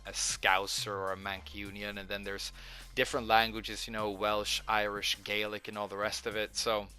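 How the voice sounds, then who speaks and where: Male host, hoarse and bright-toned, flat delivery, halting casual commentary. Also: fairly low pitch. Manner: hesitant, lots of filler words. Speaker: gaming video host.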